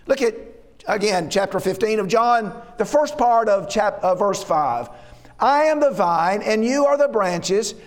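A man preaching a sermon who often asks rhetorical questions and restarts his words mid-phrase. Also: extremely high pitch. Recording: long reverb of a hall.

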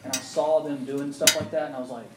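A male pastor giving his personal testimony in an animated storytelling manner, acting out the voices of people he quotes. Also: a little high, fast, very noisy. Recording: echoey room.

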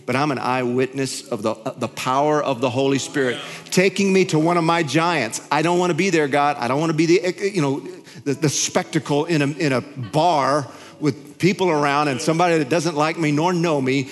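A male pastor telling a story in his sermon, animated, his voice climbing high when he gets excited. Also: normal speed. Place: large church hall. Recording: hall reverb with faint music.

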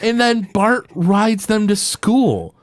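A man co-hosting a podcast, casually retelling a cartoon episode in a loose, animated way with lots of fillers. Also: sits high, no room sound, clean studio sound. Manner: animated, loose retelling with many fillers and quick put-on quotes. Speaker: podcast co-host.

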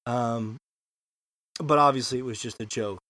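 A man's voice: mid-range voice, steady tone, moderate pace, pushed and bright, no room sound, studio quality. A man hosting a podcast in casual chat, joking and teasing his co-hosts. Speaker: podcast host.

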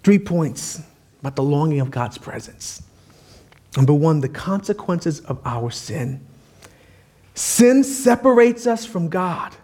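A man's voice: fairly high pitch, animated, takes it slowly, darkish tone. A man preaching a sermon as pastor, in a casual, conversational style with frequent asides.

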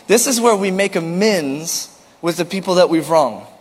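A man's voice: sits high, expressive, moderate pace, big-room sound. A man preaching a sermon as pastor, earnest and repetitive, asking rhetorical questions and slipping in light jokes.

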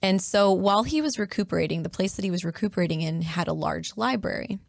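A woman chatting in a relaxed way, telling stories with many fillers and restarts. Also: lowish voice, quick pace, creaky, no echo, studio quality. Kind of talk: casual conversation.

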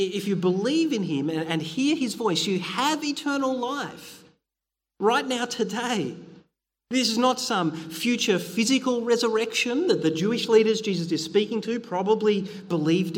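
A man's voice: high-pitched, expressive, normal speed, big-room sound. A middle-aged man preaching a sermon, earnest and conversational, with frequent fillers and restarts.

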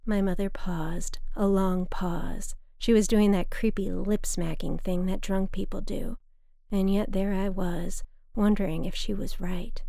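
A woman reading her own personal essay aloud in a calm, wry, measured way. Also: mid-range voice, gravelly, no room sound, studio quality. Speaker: storyteller.

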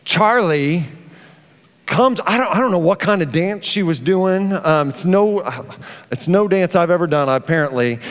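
A middle-aged man preaching a sermon, telling a family story and acting out the dialogue in an animated way. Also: sits high. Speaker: pastor. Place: church auditorium. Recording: long hall reverb.

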